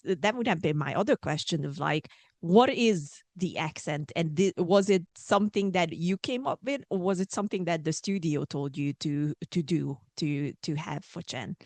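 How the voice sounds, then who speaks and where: A woman host asks her questions with lots of hesitation, fillers and restarts. Her voice is a bit low, and the recording is dry and close, with no room sound. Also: a little mellow, no room sound. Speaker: podcast host. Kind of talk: casual interview chat.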